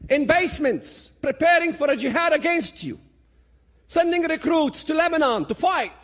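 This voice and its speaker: A man gives a dramatic public talk. His voice sits high for a man and swings widely as he pushes each point hard. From Palestinian territories. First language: Arabic. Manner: dramatic, emphatic, builds to loud peaks. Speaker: public speaker.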